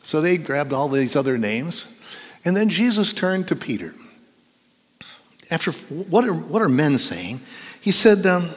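A man's voice: on the high side, big pitch swings, unhurried, pauses often. A middle-aged man preaching a sermon in a church, conversational and playful as he coaxes the congregation to join in. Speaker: pastor. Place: church sanctuary. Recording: long hall reverb.

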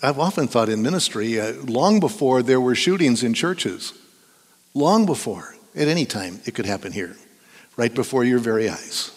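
A man preaching a sermon in a church, animated and emphatic, sometimes dropping into hushed whispers for effect. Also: mid-range voice, normal speed. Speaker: pastor. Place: church sanctuary. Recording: long reverb of a church hall.

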